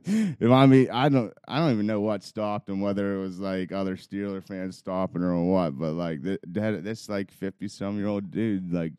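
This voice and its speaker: A young man with a low, warm, smooth voice tells a long, rambling story on a podcast. He swears freely and breaks into laughter as he goes. The recording is dry and close. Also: normal speed, dry recording. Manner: rambling, profane, laughs while telling a story. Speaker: podcast co-host. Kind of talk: casual storytelling chat.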